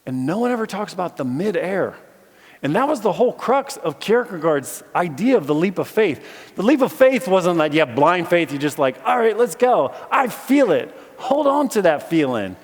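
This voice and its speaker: A man preaching a lively sermon, acting out the voices in the story as he tells it. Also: on the high side, moderate pace. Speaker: philosophy teacher giving a chapel message. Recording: echoey hall with long reverb.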